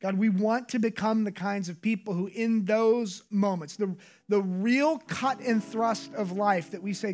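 A man preaching a sermon as pastor, moving between hushed whispered prayer and raised, emphatic preaching. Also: sits high, unhurried, faint music behind.

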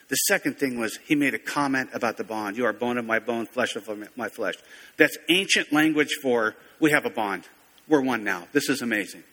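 A man's voice: medium pitch, sharp tone. A man preaching a sermon in a conversational, folksy way, often correcting himself mid-sentence. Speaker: pastor. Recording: long reverb of a large hall.

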